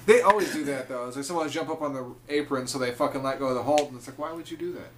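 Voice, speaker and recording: A man's voice: mid-range voice, rapid-fire. Chill guy on a wrestling podcast, cusses, chuckles, faint hiss in the back. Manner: laid-back, profane, chuckling. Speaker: podcast co-host. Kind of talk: casual wrestling recap chat.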